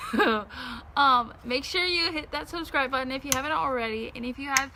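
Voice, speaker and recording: A woman's voice: sits high, moderate pace, noisy background. A young woman telling a story to her vlog viewers in a chatty, casual way, full of "like" and "okay". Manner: chatty, says "like" and "okay" a lot. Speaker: vlogger.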